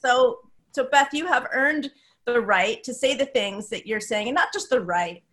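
A woman hosts a conversational podcast. Her voice is fairly high, and she speaks emphatically, often restarting and repeating phrases for stress. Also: expressive, normal speed, fairly bright tone. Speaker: podcast host. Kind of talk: conversational interview.

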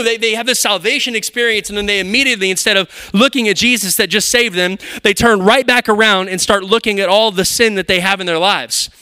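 A man preaching a sermon in a church, animated and conversational, with frequent rhetorical questions to the congregation. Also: extremely high pitch, clean tone. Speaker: pastor. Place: church sanctuary.

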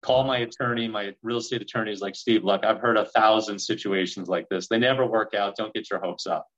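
A middle-aged man tells a long story in an interview and slips into the voices of the people in it as he goes. His voice sits fairly low. The audio is a little dull and lo-fi. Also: fairly quick. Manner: animated storyteller acting out quoted dialogue. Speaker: real estate investor guest.

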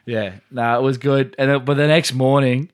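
A young man with an Australian accent tells a story in loose, rambling chat. His speech is packed with fillers and casual swearing, and he sits at an ordinary middle pitch for a man. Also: flat delivery, normal speed, clear, resonant tone. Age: young adult. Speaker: podcast co-host.

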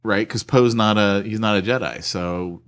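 A man's voice: on the low side, normal speed, fairly bright tone. A man co-hosting a podcast, giving blunt opinions in casual chat. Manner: blunt, opinionated, laughs often. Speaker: podcast co-host.

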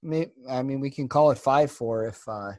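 A man co-hosting a podcast in casual chat, animated and swearing freely. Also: medium pitch, moderate pace. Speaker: podcast co-host.

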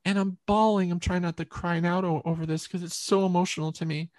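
A middle-aged woman, a podcast guest, telling a personal story in an earnest, halting way with many restarts. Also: fairly low pitch, fairly even intonation, a little mellow, no room sound.

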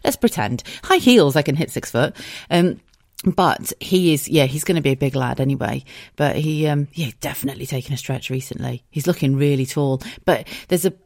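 A woman's voice: low voice, normal speed, creaky, a little mellow, no echo, studio quality. A woman, chatting on her solo podcast from her bedroom, swearing and laughing often, emotional. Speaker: podcast host. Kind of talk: casual solo podcast chat. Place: bedroom at home.

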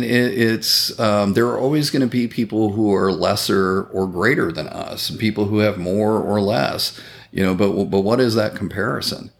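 A man's voice: lowish voice, creaky. A man talking in a casual podcast conversation, earnest and reflective, swearing now and then.

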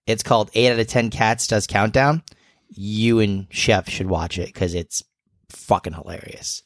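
A man co-hosting a podcast, chatting casually and rambling with many pauses and fillers. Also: on the low side, steady tone, dry recording, studio quality. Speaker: podcast co-host. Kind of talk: casual chat.

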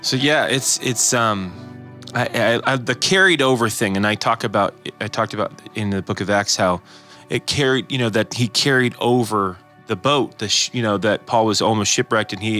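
A man's voice: on the low side, normal speed, pushed and bright, soft background music. A man co-hosting a casual faith podcast, rambling through his thoughts with frequent restarts and acted-out quotes. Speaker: podcast co-host. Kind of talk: casual chat.

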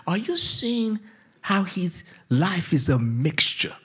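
Husky pastor telling Bible stories. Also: male voice, high-pitched, takes it slowly. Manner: jokey, animated Bible storytelling. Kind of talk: sermon.

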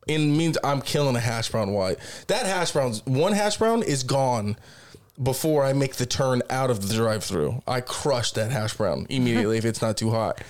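At a normal speed and medium pitch, a podcast co-host tells casual, profanity-laden stories. He swears constantly and animatedly plays both parts of every exchange he describes.

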